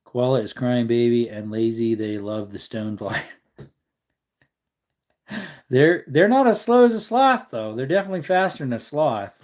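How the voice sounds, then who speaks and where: Tired male livestream host at mid pitch, yawning, loose and rambling as he reads the chat. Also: animated, normal speed, a little mellow. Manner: rambling, chuckling, musing aloud. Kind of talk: casual live chat, reading comments.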